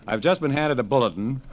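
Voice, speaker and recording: A middle-aged man giving a deadpan, satirical radio monologue about television, wry and offhand, chuckling at his own remarks. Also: mid-range voice, slight background noise. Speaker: radio humorist reviewing television. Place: radio studio.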